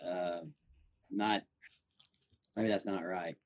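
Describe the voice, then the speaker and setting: Man, rambling, lower voice, muffled. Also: steady tone, drawn-out words, slight background noise. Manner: rambling, filler-heavy storytelling. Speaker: podcast host. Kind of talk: casual podcast chat. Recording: slightly dull lo-fi audio.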